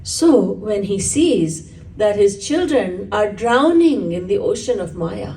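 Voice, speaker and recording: A woman's voice: mid-range voice, very animated, slow, warm tone, far from the mic, a little hiss or hum, rough recording. A woman spiritual teacher giving a religious discourse, explaining earnestly and telling stories.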